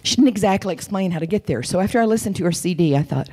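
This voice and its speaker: A woman preaching a sermon in a church. She tells her story dramatically, dropping to whispers and jumping to high cries. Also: animated, rapid-fire, hardly any pauses, darkish tone. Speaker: guest preacher.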